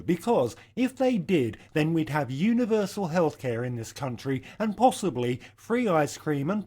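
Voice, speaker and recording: Sardonic ranting man, sweary and deadpan. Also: on the high side, husky. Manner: sardonic, profane, deadpan delivery. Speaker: comedy ranter. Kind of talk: scripted satirical rant.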